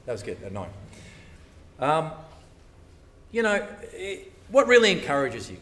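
A man preaching a sermon, animated and conversational, often acting out the voices of churchgoers. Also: on the high side, unhurried, far from the mic.

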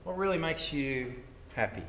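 A man preaching a sermon, animated and conversational, often acting out the voices of churchgoers. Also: on the high side, normal speed, distant mic.

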